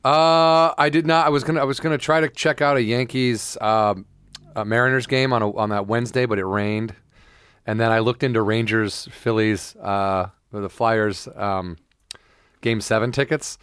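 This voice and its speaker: A man's voice: medium pitch, fairly even intonation, normal speed, fairly bright tone, clear, resonant tone, dry recording. Loose, chatty podcast man, dry sound. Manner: loose storyteller, acts out quotes with bursts. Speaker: podcast co-host. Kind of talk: casual chat.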